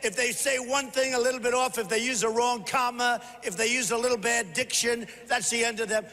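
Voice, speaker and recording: An older man giving a punchy, repetitive rally speech to a large crowd, often shouting. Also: extremely high pitch, steady tone, fairly quick. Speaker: political candidate at a rally. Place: large convention hall. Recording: echoey hall with faint crowd.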